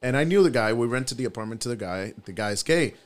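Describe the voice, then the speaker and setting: A man, a guest on a podcast, telling a story in relaxed casual chat and repeating his phrases. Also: medium pitch, fast talker.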